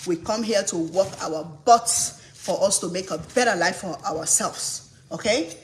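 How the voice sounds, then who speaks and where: A woman's voice: mid-range voice, measured pace. Woman host from Africa, indignant livestream rant, repeats for emphasis; echoey room, light noise. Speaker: cooking channel host on a live stream.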